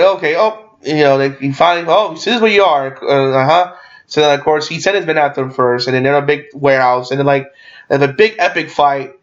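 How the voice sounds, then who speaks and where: A young man rambling through a casual movie recap, excitable and swearing freely, with lots of fillers and restarts. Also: fairly high pitch, muffled recording. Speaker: movie reviewer.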